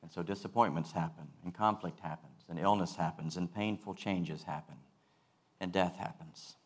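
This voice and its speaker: A male pastor giving a sermon, earnest and measured, repeating key phrases for weight. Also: low-pitched.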